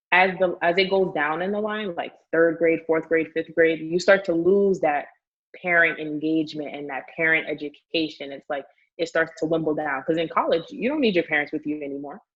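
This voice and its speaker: A woman teacher talking casually on a podcast, telling animated stories full of "like" and laughter. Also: deep voice, a little fast, muffled recording. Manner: animated storytelling, frequent "like", laughs often. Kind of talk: casual conversation.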